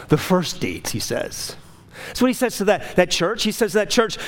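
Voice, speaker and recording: Male preacher, high-pitched, delivering a passionate sermon with sweeping highs and lows. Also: big pitch swings, fairly quick, a little hiss or hum. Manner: impassioned, rising to urgent high pleas then dropping low. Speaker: pastor.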